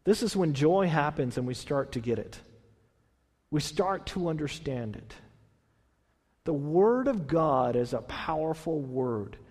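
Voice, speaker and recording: A man's voice: a little high, expressive, a little slow, a little mellow, breathy edge, big-room sound. A man, a pastor, preaching a conversational sermon, reading scripture and then explaining it with restarts and questions to the congregation. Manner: restarts and repeats words, asks the congregation questions.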